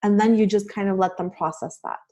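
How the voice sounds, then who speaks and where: A young adult woman speaks as a podcast guest in an earnest, encouraging way. Her pitch sits in the middle range, and her talk is loose and full of fillers. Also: steady tone, brisk, mellow. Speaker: podcast guest, life coach. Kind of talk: casual podcast conversation.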